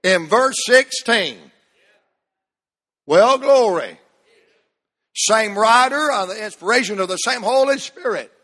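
A man preaching a sermon as pastor, fervent, swinging from shouts to hushed drops and leading the congregation in reading aloud. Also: high-pitched, lively intonation, takes it slowly, long pauses. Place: large church hall. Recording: long church-hall reverb.

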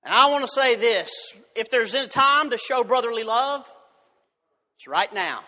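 A man's voice: very high voice, expressive, moderate pace, sharp tone. A man preaching a sermon in a church, fervent, often repeating and restarting his words. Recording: long hall reverb.

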